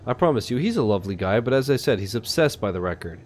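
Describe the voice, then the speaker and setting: A man's voice: fairly low pitch, big pitch swings, fast, a little mellow. A man voicing a jovial middle-aged male biker who runs a record shop, speaking with a put-on French accent.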